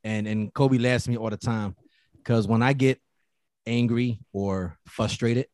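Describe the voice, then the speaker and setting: A man with a Bronx accent co-hosting a casual podcast chat, loud and animated and quick to laugh. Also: medium pitch, dry recording. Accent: New York (Bronx). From the Bronx, New York. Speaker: podcast co-host.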